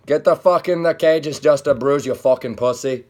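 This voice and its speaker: A man putting on an Irish accent to impersonate a brash, cocky male fighter who mocks and swears loudly. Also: fairly high pitch, moderate pace, voice pushed up, lightly acted. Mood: taunting. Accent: Irish, put on. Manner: loud, swearing, mocking.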